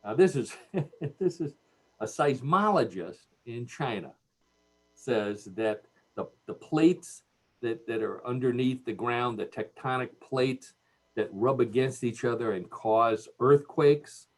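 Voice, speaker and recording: A man's voice: medium pitch, animated, slow pace. A man with a Cleveland accent hosting a radio show, joking and laughing at his own jokes. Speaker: radio host. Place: radio studio.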